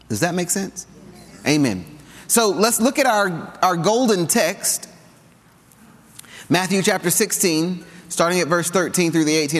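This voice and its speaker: A Southern man with a drawl preaches in a lively, conversational style, joking with the congregation and drawing call-and-response. His voice sits a little high for a man. A long reverb trails each phrase, as in a large sanctuary. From Southern United States. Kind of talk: sermon. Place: church sanctuary.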